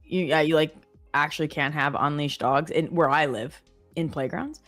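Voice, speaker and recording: Speaking at a moderate pace with fairly even intonation, this woman has a low-pitched, slightly bright voice over faint background music. She's a Canadian in her thirties, co-hosting a live trading stream and telling chatty stories full of fillers.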